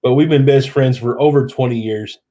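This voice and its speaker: A man's voice: mid-range voice, fairly quick, dark tone. Tipsy guy in his 30s rambling away on his live stream, chatty, mid-range voice. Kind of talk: casual live stream chat.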